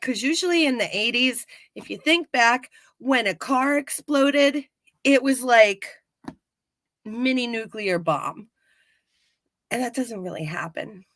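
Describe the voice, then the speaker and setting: A woman co-hosting a casual live-stream, retelling an episode in animated fashion and acting out quotes. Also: fairly high pitch, slow, no room sound. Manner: animated storyteller, acts out quotes. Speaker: podcast co-host recapping a TV episode. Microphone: live-stream setup.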